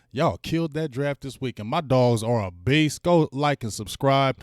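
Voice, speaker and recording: A man hosting a live-stream football fan show, very animated and loud, shouting out to his chat. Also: medium pitch, moderate pace, few pauses, smooth, dry recording, clean studio sound. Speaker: livestream sports show host.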